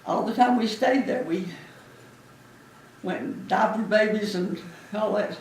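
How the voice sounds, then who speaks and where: A woman's voice: mid-range voice, measured pace, slight background noise. Chatty older woman in an echoey room. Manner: chatty, warm storyteller who laughs often. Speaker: veteran interviewee, former Navy nurse. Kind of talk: reminiscing interview. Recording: echoey room, distant mic.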